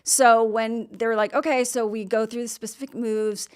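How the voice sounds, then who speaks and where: A woman stretch therapist chatting as a guest, animated and hesitant, often acting out her clients' reactions. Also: on the high side, moderate pace, clear, resonant tone. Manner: animated, acts out clients, many fillers. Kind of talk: casual interview chat.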